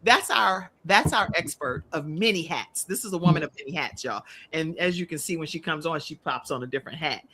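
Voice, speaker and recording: A woman hosting a live-stream panel chat, lively and cheering her guests on. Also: deep voice, fairly quick, few pauses, noisy background. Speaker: host.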